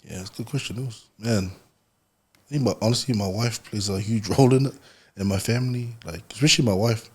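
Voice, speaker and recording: A man, a podcast guest telling stories in relaxed casual conversation. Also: fairly low pitch, brisk, husky. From New Zealand. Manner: relaxed, storytelling, laughs often.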